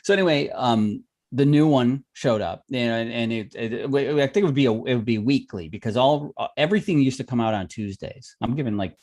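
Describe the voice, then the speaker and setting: A music industry veteran and former record store clerk, this podcast co-host tells long stories in casual livestream chat. His medium-pitched voice is brisk and somewhat dark, with few pauses, and he rambles with many restarts and fillers.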